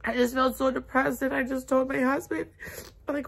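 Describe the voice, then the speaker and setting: A young woman in her twenties talks to her phone camera from bed, upset and on the edge of tears. Her voice sits a little high. She stumbles through her thoughts in a halting, confessional way, filling gaps with "like" and "um". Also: little pitch movement, gravelly. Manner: tearful, halting, many fillers. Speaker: vlogger. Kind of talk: confessional vlog. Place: bedroom, in bed.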